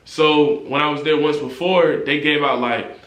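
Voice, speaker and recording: A young man in casual storytime, telling his story in animated street slang and rising high when indignant. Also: moderate pace, reverberant. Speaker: vlogger.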